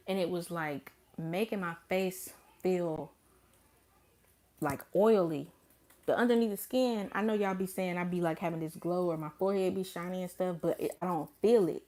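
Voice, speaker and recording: A young woman talks straight to her vlog audience in a loose, blunt, profane way. She acts out what she said to others with sudden jumps in her voice. Her voice sits a bit low for a woman. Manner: animated, blunt and profane, with dramatic quoted asides. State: pregnant. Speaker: vlogger. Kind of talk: casual storytime vlog.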